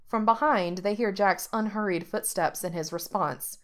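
A woman narrating a story aloud with steady, expressive delivery. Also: mid-range voice, normal speed, few pauses.

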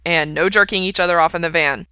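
A woman reading aloud and voicing a brash, crude young man who swears a lot and talks loudly. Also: on the low side, steady tone, fast, smooth, dry recording, clean studio sound. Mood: loud, grossed out.

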